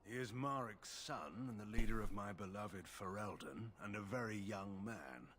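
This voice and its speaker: A man gives voice to a stern, guarded general in a fantasy video game. He talks in a cool, measured, faintly condescending way, a little low in pitch, with light hiss behind him. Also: a bit bright, natural voice.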